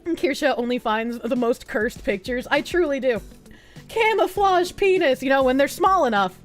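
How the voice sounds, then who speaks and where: Giggly, high-voiced woman streamer, very lively, reading chat aloud, slightly rough throat. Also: normal speed, faint music behind. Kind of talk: casual live-stream chat.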